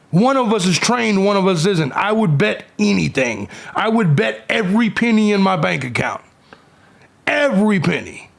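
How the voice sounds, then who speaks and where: Creaky and high-pitched, the voice is that of a forties-aged man running a live stream. He voices viewers' comments and combatively swears at the trolls among them.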